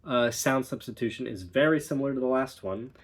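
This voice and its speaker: A man's voice: mid-range voice, brisk. A young man teaching pronunciation as a dialect coach, explaining patiently and encouragingly. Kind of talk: recorded pronunciation lesson.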